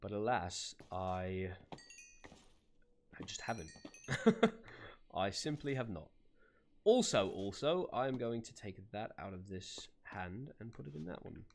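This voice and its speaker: Voicing a roleplay character on his live gaming stream, a man adopts an accent, laughs often and welcomes viewers by name. His voice is lowish and a bit bright.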